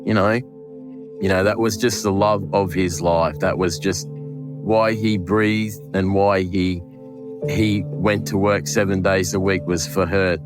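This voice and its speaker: An Australian butcher recounting a late coworker in an emotional interview, with halting restarts and acted-out dialogue. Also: male voice, sits low, fairly even intonation, over music. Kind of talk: interview recollection.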